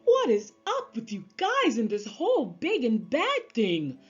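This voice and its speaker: A woman's voice: fairly high pitch, wildly swooping pitch, a little slow, slightly rough, highs cut off, soft background music, voice pushed up, heavily acted. A woman voicing a fussy, timid male wolf who is not really bad, in a whiny, pleading manner for a storybook read-aloud.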